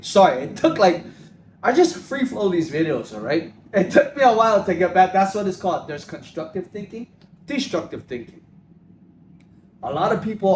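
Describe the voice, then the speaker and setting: Male fitness vlogger, slightly high voice, casual and emphatic, roomy echo. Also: darkish tone, a little hiss or hum. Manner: casual, emphatic, calls viewers dude. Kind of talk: free-flowing motivational talk to camera.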